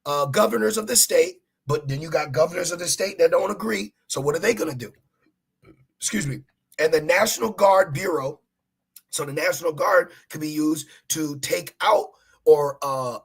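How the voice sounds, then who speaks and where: Man, livestream sermon, fiery preaching, husky voice, somewhat high. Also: normal speed. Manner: fiery, preachy, talks to listeners directly. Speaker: street preacher. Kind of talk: livestream sermon reading scripture.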